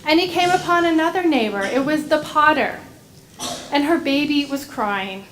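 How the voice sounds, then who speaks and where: A woman gently telling a story to children during a church service. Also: sits high, expressive, moderate pace, noisy background. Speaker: director of religious education. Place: church sanctuary.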